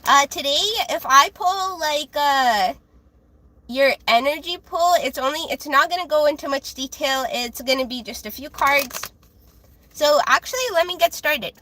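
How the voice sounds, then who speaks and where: A woman's voice: high voice, measured pace, pushed and bright, low-quality recording. A woman streaming live as a tarot reader, chatting casually with many fillers and restarts in a childlike voice.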